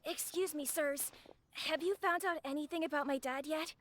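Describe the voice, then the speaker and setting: A woman's voice: high voice, normal speed, a bit bright, a little hiss or hum. A woman voicing a polite, earnest young boy in a video game.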